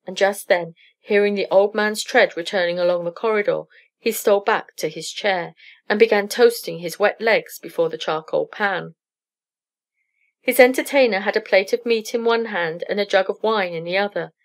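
A woman's voice: mid-range voice, moderate pace. Woman reading a story steadily. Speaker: story narrator. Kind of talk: read-aloud story narration for English learners.

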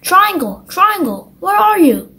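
A woman's voice: high-pitched, expressive, moderate pace. A woman voicing a brave, slightly bossy little girl shape in a storybook read-aloud, speaking carefully and firmly. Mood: calling out.

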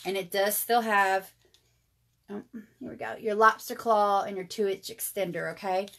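A woman's voice: medium pitch, steady tone, normal speed, a bit bright. A woman, chatting through a live jewelry sale and calling her viewers y'all. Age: 30s. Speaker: jewelry seller. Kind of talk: live jewelry sales stream.

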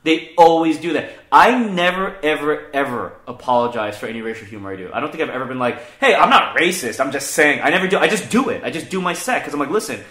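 A man's voice: on the high side, expressive, fast talker, few pauses, fairly bright tone. A man, a comedian hosting a casual chat, talking profanely and with animation, mocking other people's voices. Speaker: comedian podcast host. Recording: echoey room.

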